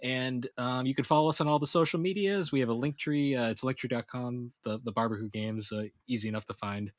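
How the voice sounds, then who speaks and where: A man hosting a podcast, relaxed and laughing easily as he wraps up the episode. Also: medium pitch, brisk, no room sound, studio quality. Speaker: podcast host. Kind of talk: casual chat.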